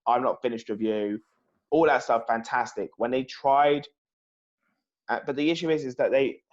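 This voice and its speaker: A man's voice: medium pitch, moderate pace. A man co-hosting a casual review podcast who rants with profane exasperation. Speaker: podcast co-host. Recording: slightly dull lo-fi audio.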